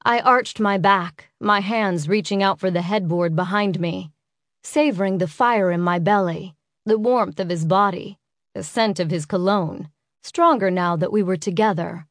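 Female audiobook narrator, mid-pitched, intimate and unhurried, dry close recording. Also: dry recording. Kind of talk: first-person romance audiobook narration.

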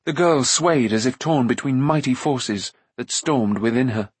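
A man reading a fantasy novel aloud as audiobook narration, in a measured storytelling manner. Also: mid-range voice, slightly rough, no echo.

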